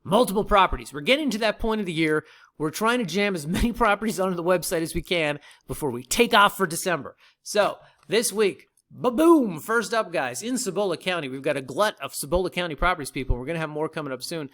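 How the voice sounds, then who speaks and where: A man's voice: high voice, lively intonation, fast, fairly bright tone. A man hosting a casual land-sales video, talking straight to viewers with a wry, joking manner. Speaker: land company host.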